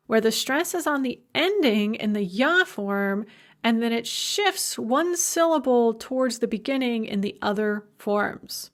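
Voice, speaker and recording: A woman lecturer with a slightly high voice talks through a recorded language lesson. She keeps it informal and chatty, tossing in quick asides as she explains. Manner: slow, stressed demonstration of spoken forms.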